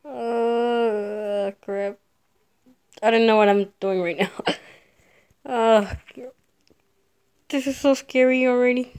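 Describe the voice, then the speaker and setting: A woman's voice: fairly high pitch, fairly even intonation, takes it slowly, pauses often, a little mellow, clean tone. A frightened woman commenting on a horror game as she plays, jittery and laughing nervously. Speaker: gamer.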